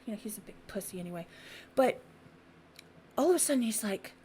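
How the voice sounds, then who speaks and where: A woman's voice: medium pitch, a little fast, slight background noise. A woman hosting a casual podcast, telling a story bluntly and profanely, acting out the voices of the people in it. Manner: animated storyteller who acts out quoted voices. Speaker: podcast host.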